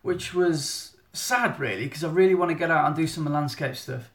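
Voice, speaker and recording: A man's voice: on the high side, normal speed, a bit bright. Chatty man streaming from a phone. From England. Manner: chatty, rambling, self-interrupting. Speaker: photographer giving a monthly live update. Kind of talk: casual live-stream chat. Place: indoor room at home. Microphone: phone at arm's length. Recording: echoey room on phone.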